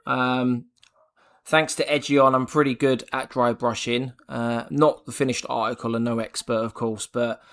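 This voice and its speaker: A man's voice: mid-range voice, vocal fry, sharp tone. A man co-hosting a painting stream who jokes around and reads viewer comments aloud in a casual chat. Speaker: co-host reading chat.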